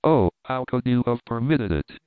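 A proud young woman, frightened yet formal and pleading, as a male reader gives her lines. The voice is smooth and sits at an ordinary pitch. It comes through a narrow, phone-like band in a dry, close space. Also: expressive, normal speed, no echo, lightly acted. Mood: distressed.

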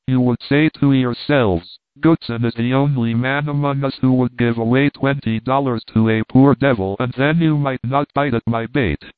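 A man reading the part of a scornful stranger who gloats over the town he has tricked, in a measured, mocking way. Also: mid-range voice, no echo, lightly acted. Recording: dry, tinny phone-like sound.

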